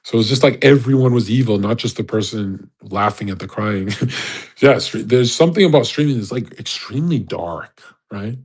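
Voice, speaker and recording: A man's voice: on the low side, moderate pace, a little mellow, husky. A young man ranting casually on a live audio chat, brash and profane, laughing often. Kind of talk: casual rant.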